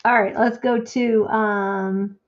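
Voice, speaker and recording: Slow-talking woman muttering over crafts. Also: mid-range voice, fairly even intonation, dull audio. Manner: thinks aloud, muttering to herself; reads quotes slowly and deliberately. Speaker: crafting streamer. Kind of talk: casual craft-along chat.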